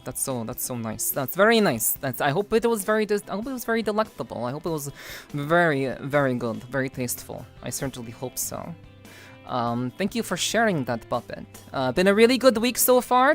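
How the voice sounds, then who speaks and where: A woman streaming live, chatting with her viewers in a deadpan, teasing way with stiff, overly formal phrasing. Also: low-pitched. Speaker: VTuber streamer. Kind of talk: casual live-stream chat.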